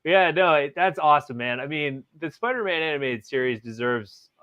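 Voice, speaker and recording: A man's voice: on the high side, expressive, moderate pace, a bit bright, smooth. A man hosting a podcast in casual chat, rambling and leaning on filler words as he talks through his thoughts. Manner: rambling, leans on "like" and "literally". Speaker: podcast host.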